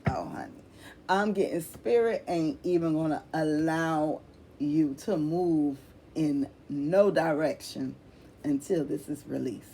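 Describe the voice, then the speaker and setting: Woman, low-pitched tarot reader, casual and blunt, cusses, repeats lines for emphasis, light background hiss. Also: takes it slowly, warm tone. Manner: blunt, swears freely, calls listener honey.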